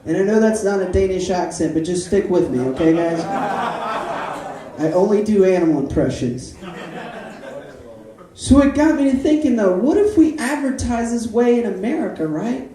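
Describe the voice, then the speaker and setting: A stand-up comedian performing an open-mic set in a club, animated and quick to slip into character voices and sung jingles. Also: mid-range voice, crowd noise. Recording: echoey room, mic from a distance.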